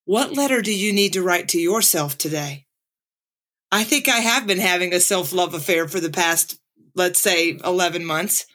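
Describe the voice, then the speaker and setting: A woman's voice: lowish voice, a bit bright. A middle-aged woman from the American South with a Southern accent, hosting a reflective podcast and laughing easily as she talks. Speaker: podcast host and life coach.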